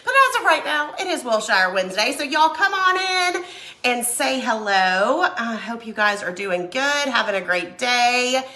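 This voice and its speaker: A woman, hoarse from a cold, chatting casually while hosting a live craft stream and greeting viewers by name. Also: fairly high pitch, animated, measured pace, pushed and bright. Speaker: craft livestream host.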